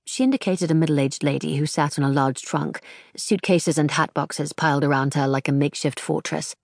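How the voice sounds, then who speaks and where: A woman narrating a story in a measured, even manner. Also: sits low, creaky, dry recording, studio quality. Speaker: audiobook narrator. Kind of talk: scripted narration.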